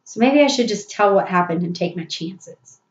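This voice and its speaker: A woman's voice: mid-range voice, expressive, moderate pace, lightly acted. A woman voicing a young schoolboy, sheepish and sly, talking in a fretful hurry. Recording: roomy, dull recording.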